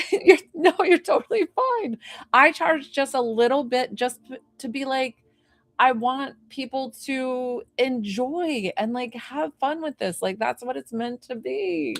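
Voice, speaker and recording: A young woman working as a psychic medium, chatting to viewers on a live stream in a gushing, bubbly way, full of "like" and excited squeals. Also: sits high, measured pace, gravelly, dry recording. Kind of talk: live-stream reading and chat.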